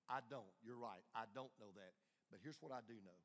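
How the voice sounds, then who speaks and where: A man preaching a sermon as a pastor, swinging from hushed, close lines to loud, rising calls to the congregation. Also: fairly low pitch, brisk. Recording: long hall reverb.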